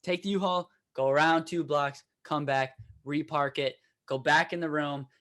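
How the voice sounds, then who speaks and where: A young man co-hosting a podcast, telling a story in profane, animated casual chat and shouting out quoted lines. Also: on the high side, normal speed. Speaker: podcast co-host.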